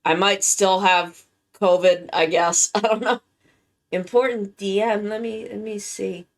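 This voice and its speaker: A worn-out woman chatting casually with her live-stream viewers, halting and rambling as she recovers from being sick. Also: mid-range voice, steady tone. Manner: rambling, halting, with many restarts. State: worn-out and tired, recovering from illness.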